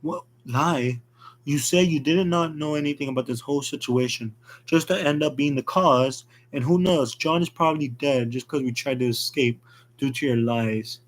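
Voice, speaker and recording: A man's voice: medium pitch, normal speed, close to an everyday voice. A man voicing a young woman survivor who pleads frantically as she flees killers. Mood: accusing.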